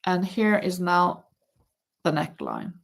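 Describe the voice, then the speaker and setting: A woman with a lowish, creaky voice and wildly swooping pitch takes her time while hosting a casual livestream. Chatty and speaking directly to viewers as she knits, she rambles hesitantly and keeps restarting her words.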